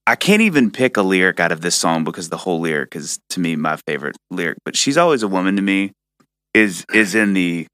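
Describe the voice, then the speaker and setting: A man co-hosting a music podcast, animated and emphatic, often trailing off mid-thought. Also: deep voice, fast talker, clear, resonant tone, no echo, studio quality. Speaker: podcast co-host. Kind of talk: casual music chat.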